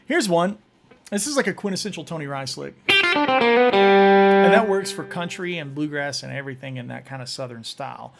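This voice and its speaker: A man with a slightly high, gravelly voice chats casually on a live stream, often stopping to restart his words. His guitar plays in and around his talk. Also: expressive, moderate pace. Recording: guitar playing in the background.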